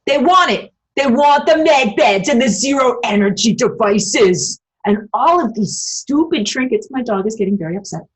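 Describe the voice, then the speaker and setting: A woman's voice: fairly high pitch, animated, moderate pace, few pauses, slightly rough. A woman giving an emphatic, profane, rambling spiritual livestream monologue and answering viewer comments. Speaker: spiritual vlogger.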